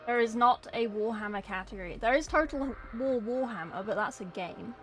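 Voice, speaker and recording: A woman's voice: on the high side, normal speed, a bit bright, faint music behind. A woman game streamer chatting casually and rambling to her viewers, swearing freely and thanking followers. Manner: talks to chat, thanks followers. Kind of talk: casual live-stream chat.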